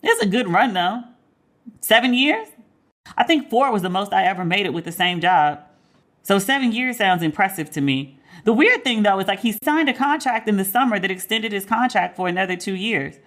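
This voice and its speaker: A woman's voice: mid-range voice, expressive, normal speed, a bit bright. A woman hosts her own podcast in loose, casual commentary. She is candid and gossipy, drops profanity freely, and teases herself about her celebrity crushes. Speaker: podcast host. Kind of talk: casual pop-culture commentary.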